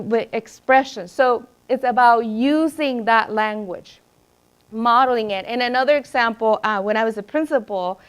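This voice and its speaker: A middle-aged woman educator speaking to a room of teachers in a slightly higher voice. She tells classroom anecdotes with lively energy, acting out the people she quotes. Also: smooth. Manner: lively storyteller who acts out quoted voices. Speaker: educator presenting at a teacher training. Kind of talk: presentation to teachers.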